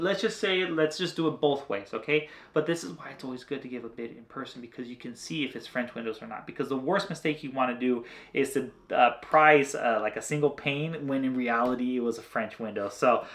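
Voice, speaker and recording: A man giving a casual screen-share tutorial on window cleaning prices, thinking aloud and counting slowly with plenty of hesitation. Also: mid-range voice, fairly bright tone, roomy sound. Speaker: window cleaning business owner.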